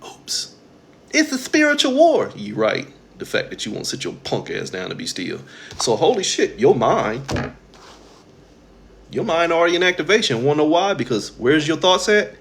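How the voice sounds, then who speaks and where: A man's voice: on the high side, big pitch swings, normal speed, vocal fry. A man, giving a blunt, profane spiritual monologue to his audience as host. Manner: blunt, profane and preachy, mimicking others in quoted asides.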